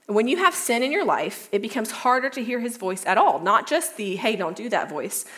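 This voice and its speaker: Young woman speaker, casual youth-talk delivery, fillers and restarts, voice sits a bit high. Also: very animated, normal speed, fairly bright tone. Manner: chatty, lots of "like", self-correcting. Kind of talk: casual youth talk retelling a Bible story.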